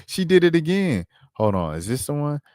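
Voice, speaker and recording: A man's voice: on the high side, sing-song, moderate pace, a little mellow, dry recording, clean studio sound. A man hosting a casual basketball commentary stream, slangy and laid-back, pulling up clips as he talks. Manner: slangy, laid-back, says bro and dog often; multitasking, pulling up clips while talking. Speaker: sports commentary host.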